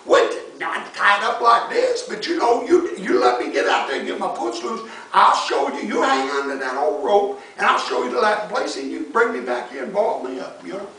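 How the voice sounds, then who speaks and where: A man voicing a gleeful trickster male rabbit who keeps breaking into high laughter in a told folk tale. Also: big pitch swings, moderate pace, hardly any pauses, bright, forceful tone, exaggerated voice. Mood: sly. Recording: echoey room, mic far off.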